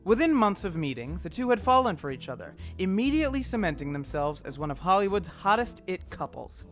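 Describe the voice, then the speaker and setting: Higher-pitched man narrating dryly. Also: very animated, fairly quick, a bit bright, faint music behind. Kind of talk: scripted podcast narration.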